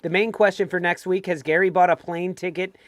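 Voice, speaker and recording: A man's voice: high voice, steady tone, brisk, no room sound. A middle-aged American man co-hosting a football fan show, chatting casually and laughing often over a video call. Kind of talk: casual chat.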